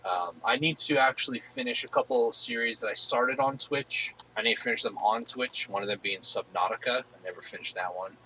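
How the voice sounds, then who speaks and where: A man's voice: medium pitch, fairly quick, hardly any pauses, bright, forceful tone, slight background noise, poor audio. A man hosting a casual gaming stream from home on a headset, rambling easily with lots of fillers. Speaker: streamer host.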